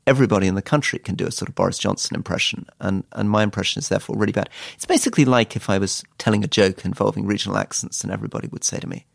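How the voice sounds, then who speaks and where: British guy with a low fry-tinged voice, wry dry humor, answering interview questions. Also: racing, few pauses, dry recording. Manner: dry, wry storytelling with quoted asides. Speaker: guest author, former politician.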